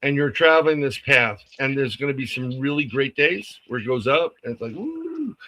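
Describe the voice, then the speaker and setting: During a live stream, a man with a mid-range voice tells a casual story a little fast, captured on poor audio. He brings it to life by acting out the characters' lines, laughing often along the way.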